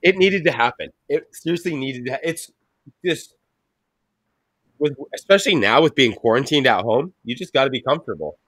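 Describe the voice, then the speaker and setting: A man's voice: medium pitch, animated, brisk, fairly bright tone, no room sound, clean studio sound. A man hosting a casual chat, teasing his friends with crude jokes and frequent laughter.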